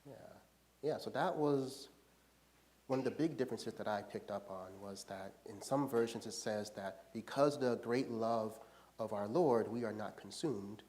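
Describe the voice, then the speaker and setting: Man as a Bible study leader, relaxed teaching tone, keeps asking the group "right?". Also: fairly low pitch, measured pace. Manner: casual, often checks in with "right?".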